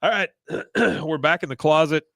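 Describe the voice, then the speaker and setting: A man's voice: on the high side, moderate pace, no room sound. Man retelling a cartoon episode. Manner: animated storytelling with fillers. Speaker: podcast host. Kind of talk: casual episode recap with voices.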